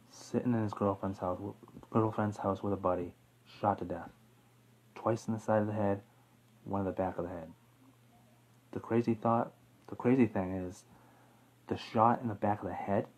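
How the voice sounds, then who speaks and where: Guy with a lowish husky voice chatting loosely to camera, lots of uhs and restarts. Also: darkish tone, poor audio. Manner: rambling, lots of fillers and self-corrections, chuckles. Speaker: YouTube true-crime host. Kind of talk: casual off-the-cuff talk to camera.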